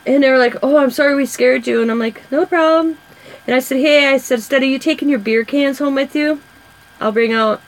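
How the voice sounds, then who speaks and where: Woman, 40s, rambling chatty storyteller, casual craft-vlog talk, slightly high voice. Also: a little fast, low-quality recording. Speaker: craft vlogger. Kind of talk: casual chat while coloring.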